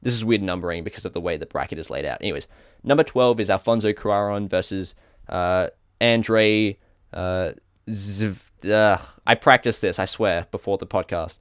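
Australian man, podcast co-host; low, clean dry read of a list, fumbles tricky names. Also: moderate pace, clean tone, no room sound. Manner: trips over foreign names, chuckling self-corrections. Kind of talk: casual podcast chat, reading out a list.

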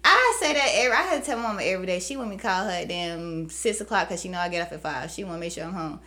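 A woman in her late twenties co-hosting a podcast in casual chat, animated, outspoken and profane. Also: lowish voice, very fast. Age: late 20s. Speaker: podcast co-host.

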